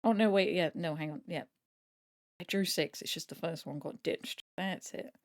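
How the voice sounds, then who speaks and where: A woman's voice: fairly low pitch, normal speed, dry recording, studio quality. A woman streamer chatting casually to herself while she sews, in a self-talking way with mild swearing. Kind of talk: casual chat while sewing on a live stream.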